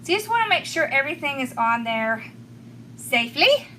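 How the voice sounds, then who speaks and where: A woman's voice: sits high, big pitch swings, brisk, pushed and bright, slight background noise. A middle-aged woman with a Southern accent from rural Georgia, chatting with viewers as she demonstrates a craft, laughing often and thanking people by name. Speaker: craft tutorial host.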